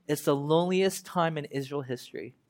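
A young man preaching a conversational sermon, reading scripture slowly and then explaining it in everyday talk. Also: fairly high pitch. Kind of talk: casual sermon teaching.

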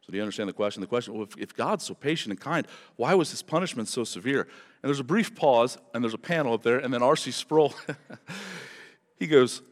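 A man's voice: medium pitch, lively intonation, a little fast. Man preaching in a reverberant hall. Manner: conversational, building to impassioned emphasis. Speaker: pastor. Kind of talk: sermon. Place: church service.

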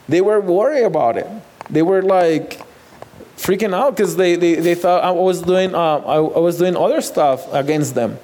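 Man, somewhat high voice, halting heartfelt testimony. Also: a little mellow. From Mexico. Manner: halting, repeats words, non-native phrasing. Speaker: guest sharing testimony. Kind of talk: personal testimony.

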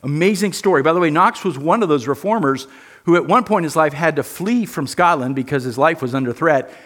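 A man's voice: a little high, fairly quick, a bit bright. A man teaching a church history lesson in an earnest, emphatic way, often repeating words.

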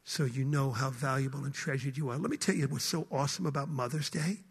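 A man preaching a passionate sermon to a room full of people, swinging between shouted declarations and hushed, intimate lines. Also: mid-range voice, fast talker, creaky, slightly rough. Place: hall with a live audience.

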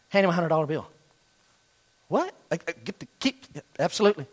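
A middle-aged man with a fairly high voice delivers a sermon. He tells a story with energy and switches into the voices of students and their coach as he goes. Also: sing-song, fast talker. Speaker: pastor.

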